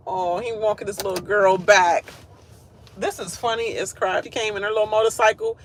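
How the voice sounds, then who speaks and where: High-voiced man ranting a TV recap. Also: steady tone, normal speed, a bit bright. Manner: blunt and profane, laughs often. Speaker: show recap host. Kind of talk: casual TV recap rant. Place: at work.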